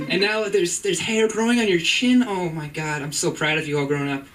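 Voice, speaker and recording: A woman's voice: lowish voice, steady tone, normal speed, pitched above the performer's own voice, lightly acted. A man putting on the voice of a doting mother gushing over her grown son. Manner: gushing, sing-song. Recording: distant mic in noisy room.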